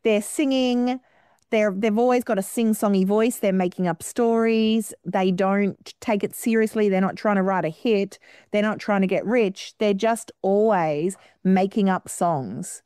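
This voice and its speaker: Expressive woman guest, dry close sound. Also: medium pitch, unhurried, clear, resonant tone, no room sound. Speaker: guest musician. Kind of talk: radio interview.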